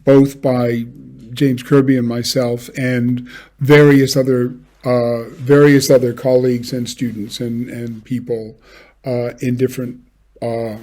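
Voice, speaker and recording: A man giving a measured academic lecture, now and then singing short examples. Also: mid-range voice, dark tone. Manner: measured, with brief sung examples. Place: home office, recorded for an online lecture.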